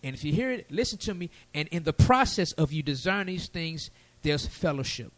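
A man preaching a sermon, lively and folksy with casual asides. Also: a little high, brisk, no room sound.

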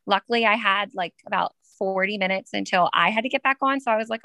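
A woman in her thirties with a bright voice and dry, close sound, telling her story as an interview guest. She chats loosely, with plenty of "um" and "like". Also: medium pitch, fast, hardly any pauses, dry recording. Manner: chatty, many fillers, laughs while telling. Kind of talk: casual storytelling.

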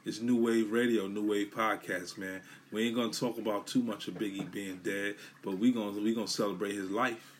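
Casting a New man as a solo podcast host, with a low voice and a loose, cussing street delivery. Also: steady tone, fairly quick, hardly any pauses, slight background noise. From Brooklyn, New York. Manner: loose, emphatic, profane street talk. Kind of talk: casual solo podcast monologue.

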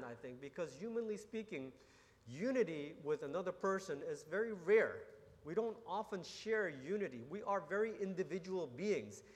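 A man preaching a sermon, his voice a bit higher than most men's. He teaches earnestly, restarting phrases and tossing out rhetorical questions. A long reverb trails off his words in a large church hall. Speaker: pastor.

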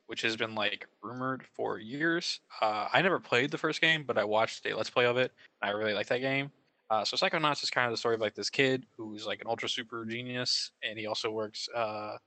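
Bright-voiced young man, chatting casually. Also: medium pitch, dry recording. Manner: casual, rambling, many fillers. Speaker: co-host. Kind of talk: casual chat about video game news.

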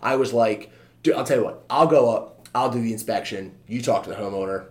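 Candid thirties guy, talks loose with lots of fillers and the odd curse; average pitch. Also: a little fast. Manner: candid, heavy filler use, swears casually. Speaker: podcast guest, fitness trainer. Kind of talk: casual conversational storytelling.

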